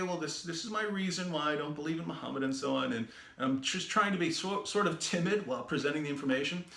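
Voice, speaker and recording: A man who is a Christian debater, telling a story in a lively, animated way. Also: mid-range voice. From the West. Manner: lively and animated, acts out quoted voices. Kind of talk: storytelling talk. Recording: roomy echoey room.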